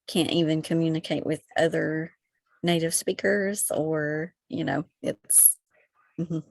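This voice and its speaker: Podcast guest: Kentucky woman, low gravelly voice, dry close sound, chatty. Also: fairly even intonation, slow pace, a little mellow, dry recording. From Kentucky, USA. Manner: chatty, many fillers like "you know". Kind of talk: casual conversation.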